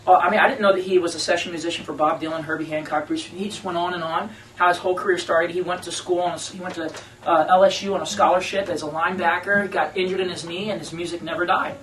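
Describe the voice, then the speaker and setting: A man, a band member, telling a story to radio hosts in a lively, slangy storytelling manner. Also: sits high, fast. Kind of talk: casual storytelling interview. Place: radio station conference room. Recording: roomy room, mic at a distance, faint noise.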